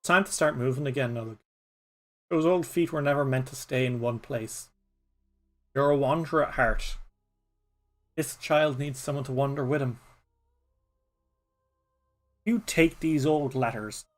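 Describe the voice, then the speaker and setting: A man with an Irish accent voicing a gentle, steady old male mole who speaks quietly and calmly. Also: medium pitch, a little slow, long pauses, natural voice. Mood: earnest.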